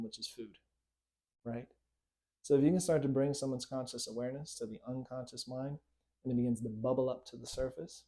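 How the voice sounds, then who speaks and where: A man's voice: medium pitch, fairly even intonation, normal speed, warm tone. A man, a hypnotist and coach, giving a conversational lesson to camera and checking in often with "right?" and "okay?". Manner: conversational, repeating tag questions like right and okay. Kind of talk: instructional talk to camera.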